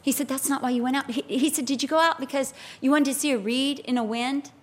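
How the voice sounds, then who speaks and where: A woman with a high, bright voice delivers an animated sermon. She tells stories with vivid acted-out quotes and a lot of expression. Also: fast. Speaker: preacher.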